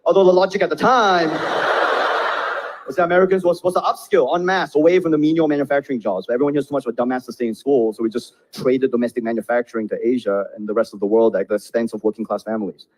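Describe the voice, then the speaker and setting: A man's voice: mid-range voice, fairly even intonation, quick pace. A man doing a stand-up comedy set, joking and laughing through his punchlines.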